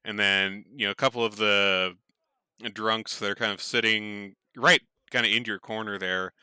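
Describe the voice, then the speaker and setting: A man narrating a tabletop game as its game master, loose and chatty, with plenty of filler words. His voice is strikingly bright and cleanly resonant. The sound is dry and close. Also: lowish voice, fairly even intonation, normal speed, clear, resonant tone, no echo. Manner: casual, rambling with many fillers, laughs easily.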